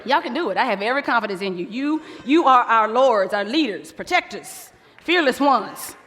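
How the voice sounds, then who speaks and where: A woman's voice: a little high, animated, moderate pace, fairly bright tone. A woman preaching a sermon, playful and acting out quoted couples. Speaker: pastor's wife preaching. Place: large church hall. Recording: long church hall reverb.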